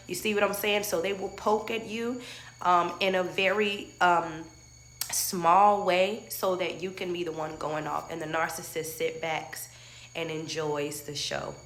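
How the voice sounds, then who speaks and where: A woman's voice: lowish voice, fairly even intonation, measured pace, fairly bright tone, a little hiss or hum. A woman life coach giving an earnest motivational talk, repeating her points and speaking straight to her viewers.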